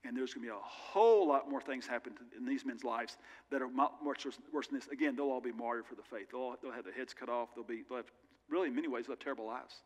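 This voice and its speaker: A man's voice: medium pitch, fast. A male pastor preaching a sermon in an earnest, conversational way with candid personal asides, recorded in a church sanctuary. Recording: long reverb of a large church hall.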